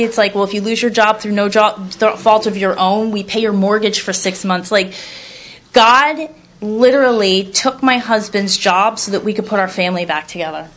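A woman's voice: medium pitch, fairly bright tone. A woman sharing a candid personal testimony in a blunt, rambling way, casually swearing and telling her story with animation.

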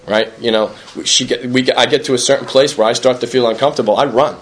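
Talking fast at medium pitch with fairly even intonation, a man shares his personal recovery story at a meeting, with slight background noise. Earnest and self-deprecating, this recovering alcoholic repeats himself conversationally and keeps asking "right?" to seek agreement.

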